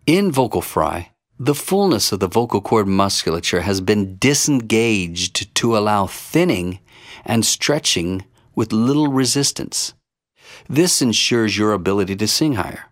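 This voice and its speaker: Low-voiced man teaching vocal fry. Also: lively intonation, unhurried, dry recording, studio quality. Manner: demonstrates vocal fry and sings examples. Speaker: vocal coach. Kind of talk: singing lesson explanation.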